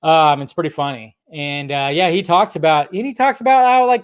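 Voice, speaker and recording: Casual male film-talk host, a touch high-pitched, loose and profane. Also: lively intonation, brisk, few pauses, no room sound. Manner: rambling, profane, lots of fillers and restarts. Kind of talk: casual podcast chat.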